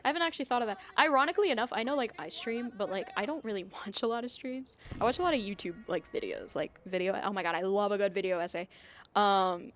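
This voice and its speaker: A woman's voice: mid-range voice, animated, fast. A young woman streaming live, chatting casually with viewers in a rambling way, full of fillers and frequent laughter. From United States.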